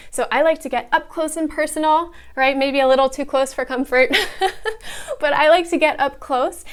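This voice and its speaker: A woman's voice: sits high, clear, resonant tone. A young adult woman, an online English teacher, demonstrating a mock lesson and explaining her techniques in an upbeat, exaggerated classroom voice.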